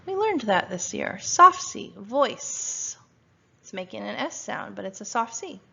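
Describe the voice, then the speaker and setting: A woman's voice: medium pitch, sing-song, vocal fry, bright, forceful tone, breathy edge. Woman, first grade teacher, spelling lesson, sounds out letters patiently, dull lo-fi recording. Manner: sounds out letters slowly and patiently, asks questions. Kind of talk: phonics spelling lesson for young children.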